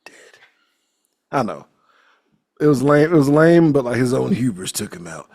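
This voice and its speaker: Husky, animated man recapping a movie. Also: medium pitch, moderate pace. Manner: animated, profane storytelling, acting out scenes with laughter. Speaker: podcast co-host. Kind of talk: casual movie podcast chat.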